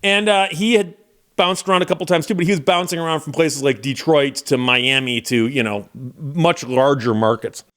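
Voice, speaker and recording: A man's voice: on the high side, moderate pace, fairly bright tone. A man hosting his channel, telling a personal story in a casual, conversational way and acting out the voices he quotes. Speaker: channel host.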